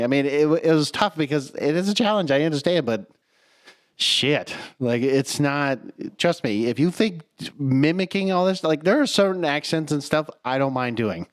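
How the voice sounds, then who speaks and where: A man's voice: medium pitch, dry recording, studio quality. A man co-hosting a casual podcast chat, self-deprecating and swearing freely, with sighs and laughs. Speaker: podcast co-host.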